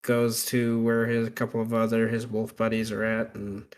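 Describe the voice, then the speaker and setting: A man narrating as game master for a tabletop game, unhurried and halting with frequent fillers. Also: on the low side, completely flat delivery, a little hiss or hum.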